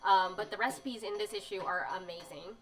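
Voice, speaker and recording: A woman's voice: medium pitch, brisk, rough recording. A woman chatting casually on a live stream, reading magazine bits aloud with lots of fillers and emotional asides. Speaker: streamer showing zines. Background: soft music.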